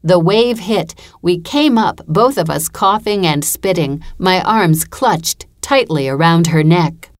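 A woman narrates a first-person story as an audiobook reader. Her delivery is measured and even, and her voice sits on the lower side.

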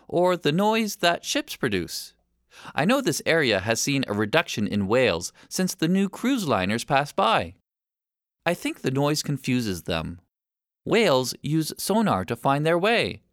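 A man's voice: on the high side, wildly swooping pitch, measured pace, a bit bright, dry recording, clean studio sound, full character voice. A man voicing a busy, impatient sixteen-year-old boy who explains things bossily.

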